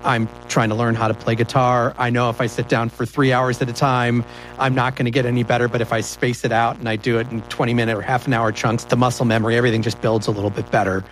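Quick-talking male podcast host. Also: mid-range voice, flat delivery, soft background music, rough recording. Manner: quick, conversational questioning. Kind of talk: casual interview conversation.

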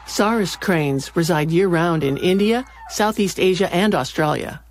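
A woman hosting a radio nature segment, reading a scripted narration in a calm, measured way. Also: lowish voice, noisy background. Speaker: radio program host.

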